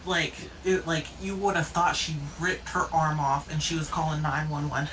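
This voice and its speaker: A woman with a lowish voice talks casually, blunt and exasperated as she swears her way through stories. She sits a little away from the mic, with faint noise underneath. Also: flat delivery, normal speed, a bit bright, recorded from a distance, rough recording. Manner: blunt, exasperated storytelling with profanity. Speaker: streamer. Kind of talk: casual chat.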